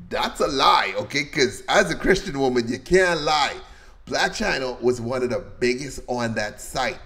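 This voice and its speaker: Joking, slangy man hosting a livestream. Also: mid-range voice. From Bahamas. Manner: loose, joking, laughs often, slangy and animated. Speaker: livestream host. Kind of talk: casual livestream chat reading viewer comments.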